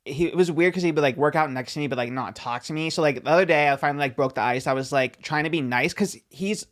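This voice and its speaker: A man's voice: on the high side, quick pace. Laid-back young man telling a story. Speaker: podcast co-host. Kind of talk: casual chat.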